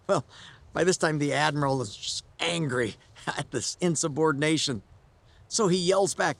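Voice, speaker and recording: A male pastor gives an earnest sermon that leans on storytelling. His voice moves animatedly, rising and falling, and sits a bit high. The sound is dry and close. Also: animated, normal speed, creaky, no echo.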